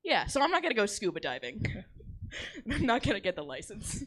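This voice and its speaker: A woman's voice: medium pitch, wildly swooping pitch, brisk, fairly bright tone. A young woman on a comedy stage, talking casually and rambling, often restarting her sentences. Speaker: comedian guest. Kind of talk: casual onstage chat.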